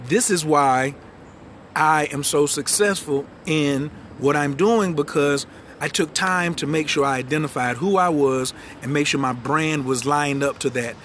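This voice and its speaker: Fast, animated, slangy male coach on a phone livestream, voice on the high side, faint noise behind. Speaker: astrology and branding coach. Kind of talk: live-stream talk to viewers.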